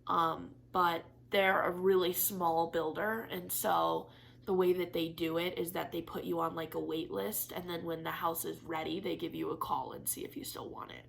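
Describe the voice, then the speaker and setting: A woman's voice: fairly low pitch, little pitch movement, moderate pace, vocal fry, a bit bright. Young woman, craft vlogger, candid chatty talk, teary, slight hiss in the background. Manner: candid and chatty, swears casually, laughs often. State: teary and disappointed. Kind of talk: casual vlog chat to camera.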